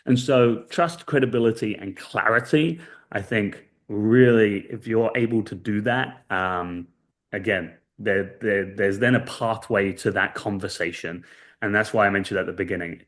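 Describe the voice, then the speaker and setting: Man with a low voice, earnest guest. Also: moderate pace. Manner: earnest storytelling, many fillers and "right?" tags. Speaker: guest expert. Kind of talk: casual interview chat.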